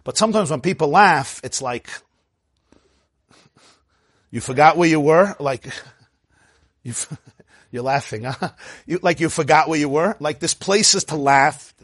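A man teaching a Torah lecture, telling the story with animated delivery, laughing now and then, and mixing in Hebrew terms. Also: fairly high pitch, measured pace, long pauses, husky, no echo, studio quality. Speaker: rabbi teaching.

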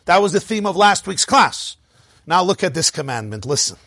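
A man with a high, very lively voice leads a Torah class, bouncing between rhetorical questions and quick jokes. His delivery is animated and playful. The recording is dry and close. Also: dry recording. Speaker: rabbi teaching a class.

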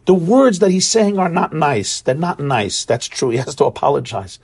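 Husky high-voiced male Torah teacher. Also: big pitch swings, moderate pace. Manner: earnest, searching for words, acts out quoted voices. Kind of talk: Torah class lecture.

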